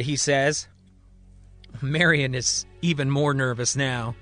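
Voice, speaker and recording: A man narrating a fiction story and voicing its characters in an animated way. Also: takes it slowly, no echo, faint music behind. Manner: animated, voices characters with raised pitch. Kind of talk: storytelling narration with voiced dialogue.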